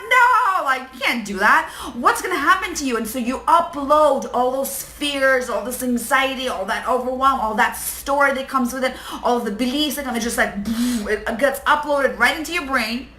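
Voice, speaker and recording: A young adult woman life coach talking live to viewers, chatty and animated, greeting people and acting out inner voices. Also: a little high, reverberant, rough recording. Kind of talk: live-stream talk to viewers.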